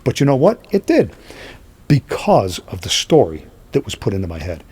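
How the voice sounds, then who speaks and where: A man who is a podcast guest, telling stories in a lively way and acting out what people said. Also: medium pitch, moderate pace, husky. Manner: lively, acts out quoted speech. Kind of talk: animated storytelling.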